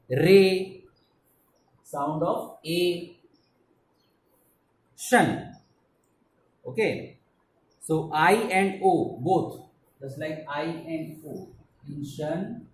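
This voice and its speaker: Slow Indian English teacher, echoey room. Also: male voice, on the high side. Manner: slow, explains step by step with frequent "okay". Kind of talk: online classroom lesson. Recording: echoey room, faint background noise.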